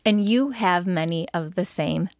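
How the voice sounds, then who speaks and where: A woman's voice: on the low side, a little slow, a little mellow. This woman co-hosts a casual podcast chat, talking freely and laughing often. She sometimes trails off when she loses a thought. Her voice sounds close and dry, with no room echo. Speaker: podcast co-host.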